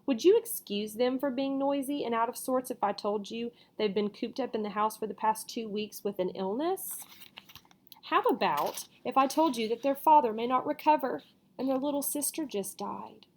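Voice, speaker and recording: A woman's voice: sits high, fairly even intonation, moderate pace, voice pushed up, close to an everyday voice. Woman doing a snappish scornful witch. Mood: indignant. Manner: snapping, snarling, indignant. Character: sharp-tongued scornful woman witch, mother of three.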